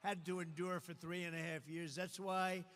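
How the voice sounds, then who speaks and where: A high-pitched, bright and forceful American man delivers a campaign rally speech. He repeats short punchy lines and climbs into shouts. His voice carries a long reverb from a large hall, with faint ambience underneath. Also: little pitch movement, moderate pace. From United States. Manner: repetitive, punchy declarations, rising to shouts. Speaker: political candidate. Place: large venue at a campaign event.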